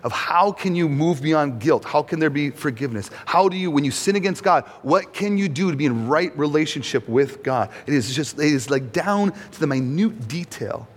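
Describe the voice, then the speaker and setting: A male pastor preaching in a relaxed, conversational way, turning to the audience with questions. His voice sits a little high. It carries a long reverb from a large hall. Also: normal speed, few pauses. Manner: conversational, asks the audience questions, acts out quotes. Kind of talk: sermon.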